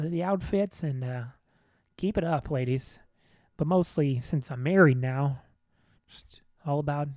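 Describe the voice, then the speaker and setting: A man's voice: a little high, darkish tone, no echo, studio quality. A man hosting a casual solo podcast, rambling in an offhand, self-deprecating way from the back room of a comedy venue. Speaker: podcast host.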